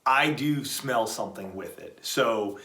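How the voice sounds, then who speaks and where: A man's voice: medium pitch, unhurried, sharp tone, echoey room. A middle-aged man co-hosting a show, casually giving practical tips in an easygoing way. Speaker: podcast co-host. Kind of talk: casual product chat.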